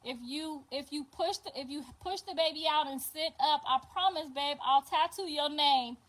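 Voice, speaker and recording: A man's voice: extremely high pitch, normal speed, fairly bright tone, rough recording. A woman voicing a young father who pleads with his laboring partner and repeats himself. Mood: pleading.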